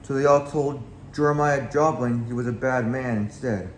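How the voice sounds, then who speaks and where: This reader is a man with a mid-range voice who takes a children's railway story at a moderate pace, reading plainly with minor slips. There is a little hiss or hum on the recording, plus room echo and faint background noise.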